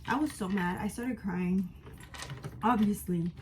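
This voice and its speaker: A woman's voice: medium pitch, a little slow, darkish tone, slight background noise, poor audio. Chatty young woman telling a candid story. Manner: emphatic, chatty, frank with cursing. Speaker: vlogger. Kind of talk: candid life-update storytelling. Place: at home while getting ready.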